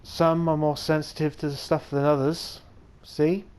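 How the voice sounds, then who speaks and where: A man voicing a friendly, folksy male merchant on a ship, reading his lines in a slow, halting way. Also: on the high side, flat delivery, a little mellow, clear, resonant tone, lightly acted.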